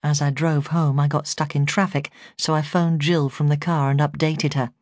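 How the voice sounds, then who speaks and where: A woman narrating a first-person memoir in a measured, earnest reading. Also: sits low, level tone, darkish tone, no echo, studio quality. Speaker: audiobook narrator.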